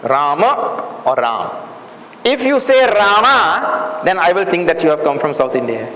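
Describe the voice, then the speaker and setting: With a high-pitched, sing-song delivery and a sharp tone, a man teaches a Sanskrit class at a measured pace. He explains things patiently, repeats words, and asks the students questions, and the classroom or hall has an echo and faint room noise.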